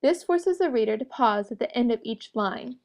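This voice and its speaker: A woman's voice: on the high side, animated, normal speed, darkish tone. Woman narrating a prepared lesson. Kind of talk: scripted educational narration.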